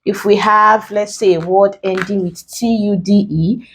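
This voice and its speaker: A woman teacher with a Nigerian accent, speaking very slowly and deliberately. She spells out letters one by one in an exam-prep lesson, and her voice sits at an ordinary middle pitch. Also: steady tone, a little hiss or hum, poor audio.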